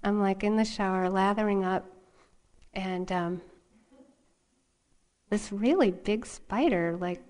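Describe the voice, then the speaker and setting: A middle-aged woman teaching meditation, her voice sitting at an ordinary middle pitch. She tells a personal story gently and without hurry, laughing often as she goes. It is a calm dharma talk. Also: clear, resonant tone. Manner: soft, unhurried storytelling with laughter.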